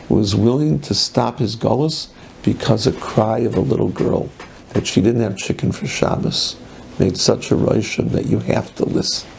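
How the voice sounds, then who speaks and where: A rabbi giving a sermon, telling a story in animated English mixed with Yiddish and Hebrew words. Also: male voice, mid-range voice, vocal fry, a little hiss or hum.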